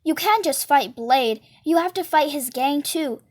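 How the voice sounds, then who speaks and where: A woman voicing a big, slow-witted teenage boy who talks in a puzzled, unhurried way. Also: high voice, expressive, no echo, clean studio sound. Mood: protesting.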